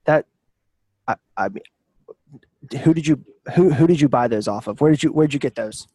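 A man's voice: on the high side, normal speed, dark tone, slightly rough, no echo, clean studio sound. A man voicing a stammering captured mercenary. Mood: startled. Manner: stammering, panicked disbelief. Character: captured male mercenary, scared and rattled.

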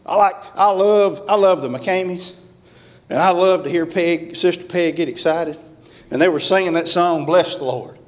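A man's voice: on the high side, normal speed. A man preaching a revival sermon in a church, fervent and emphatic. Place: church sanctuary. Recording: long church-hall reverb.

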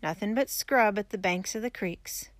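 A woman voicing a young male homesteader who speaks in a quiet, tired, resigned way, read as part of a storybook. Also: medium pitch, moderate pace, no echo, natural voice. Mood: weary.

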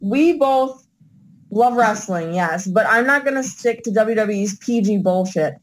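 Mid-pitched woman podcast co-host. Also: measured pace, low-quality recording. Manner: agreeable, profane, backs up her co-host. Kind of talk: casual wrestling podcast chat.

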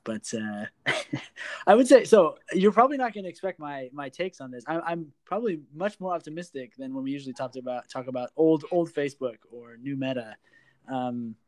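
A man's voice: medium pitch, a little mellow. A man co-hosting a podcast in casual chat, ironic and joking, laughing often. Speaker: podcast co-host.

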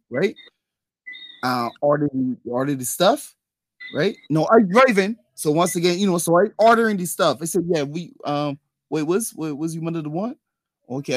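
Animated man telling stories. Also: moderate pace, no room sound, poor audio. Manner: animated storyteller, voice jumps high when acting out quotes. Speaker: podcast co-host. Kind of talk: casual storytelling chat.

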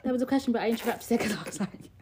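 A young woman in her twenties with a fairly high voice, chatting on a podcast. She tells stories with lots of energy and acts out little scenes with quoted voices. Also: very fast, noisy background. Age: 20s. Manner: animated storyteller, acts out scenes. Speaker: podcast co-host. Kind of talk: casual chat.

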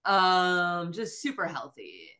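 A woman's voice: on the low side, very animated, slow, crowd noise. A woman from the American Midwest, a podcast guest telling a story in a casual, profane way, laughing often and acting out what people said. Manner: profane, laughing, acts out quoted voices.

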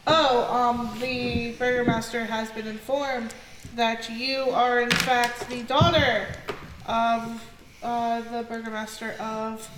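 A woman's voice: fairly high pitch, level tone, slow. Woman doing a stiffly polite male town guard. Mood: officious. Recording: echoey noisy room.

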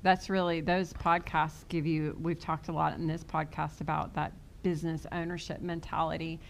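A woman co-hosting a podcast, chatting casually and prompting her partner with questions. Her voice is very low and gravelly, with little rise and fall. She keeps her replies short and encouraging. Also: level tone, normal speed, slight background noise. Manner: brief encouraging responses. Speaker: podcast co-host.

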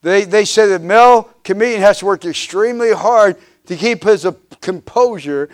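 Preaching at a moderate pace, this pastor in his fifties has a voice that sits a little high for a man. His emphatic refrains repeat as his volume rises and falls, and he often restarts and says "uh."

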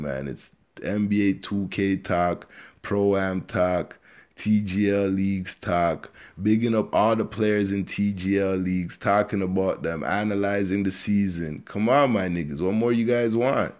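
A man hosts a podcast alone and talks loosely and profanely, straight to his listeners. His voice sits very low. The recording sounds dull and lo-fi, as if made at home. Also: unhurried, a little mellow. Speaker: podcast host. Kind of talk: casual unscripted podcast monologue.

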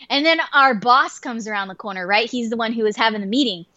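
A woman co-hosting a podcast and telling a work story in an animated, profane way, full of fillers. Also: a little high, quick pace, hardly any pauses, no echo. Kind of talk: casual storytelling. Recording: dull dry lo-fi sound.

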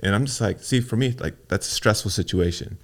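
A man's voice: on the low side, a little fast. A man in his thirties co-hosting a podcast, telling stories casually and acting out the quoted voices of other people. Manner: storytelling, acts out quotes in a raised voice. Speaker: podcast co-host. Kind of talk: casual chat.

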